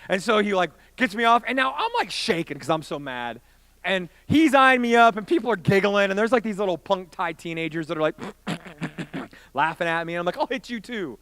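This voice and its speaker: Youth pastor, man in his late twenties, animated storyteller with a bright, tense tone and a high, lively voice. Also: a little fast, no echo. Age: 20s. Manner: animated storyteller acting out quotes, voice rising to shouts. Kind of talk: storytelling sermon.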